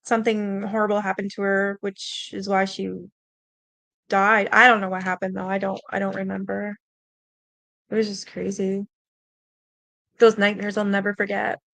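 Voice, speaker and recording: A woman's voice: mid-range voice, level tone, normal speed, vocal fry, long pauses, fairly bright tone, dry recording. A young adult woman hosting a stream, telling a personal ghost story in a rambling, casual way with lots of fillers, mild swearing, and an earnest, spooked tone. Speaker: host.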